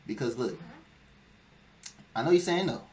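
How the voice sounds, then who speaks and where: A man's voice: mid-range voice, lively intonation, measured pace, mellow. A young man in a casual talk show, making his case with emphasis and a lecturing push. His voice sits in an ordinary middle range. A faint hiss of background noise runs under the recording. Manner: emphatic, lecturing, acts out quoted whining. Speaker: podcast host. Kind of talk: casual chat.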